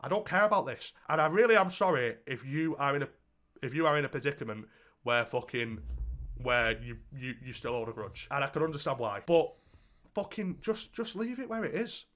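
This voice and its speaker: A man's voice: mid-range voice, expressive, fairly quick, fairly bright tone. A young man co-hosting a podcast, telling a story in casual chat and swearing heavily. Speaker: podcast co-host.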